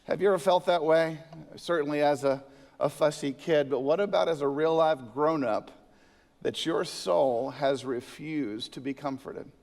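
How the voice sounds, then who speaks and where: A male senior pastor delivers a sermon in a slightly high voice. He moves between scripture and storytelling and presses hard on key words. The sound carries a long church-hall reverb. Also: normal speed. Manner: storytelling preacher with a joke, animated emphasis.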